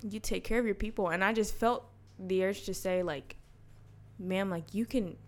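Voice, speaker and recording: A young woman in casual conversation, telling a story with frequent laughs and lively quoted voices. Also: mid-range voice, normal speed. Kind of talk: casual chat.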